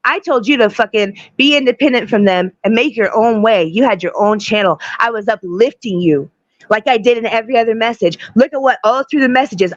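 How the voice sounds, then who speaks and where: A woman's voice: on the high side, brisk, dry recording. A woman arguing her side bluntly, swearing and confronting the person she speaks to. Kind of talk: heated casual argument. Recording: dull lo-fi stream audio.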